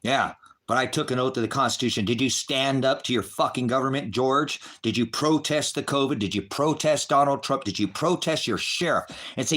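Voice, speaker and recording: A middle-aged man with a middle-pitched voice delivers an unscripted, furious rant to his viewers. He curses constantly and lurches between loud outbursts and low, bitter muttering. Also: a little fast. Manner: heavy cursing, bitter and raging; swings from shouting to low muttering. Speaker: online ministry broadcaster.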